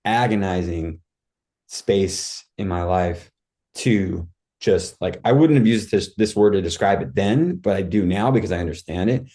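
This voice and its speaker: Mellow low-voiced man telling a story. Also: unhurried. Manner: vivid retelling that acts out his own cries, full of "like" and "dude". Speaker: podcast guest. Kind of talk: casual storytelling.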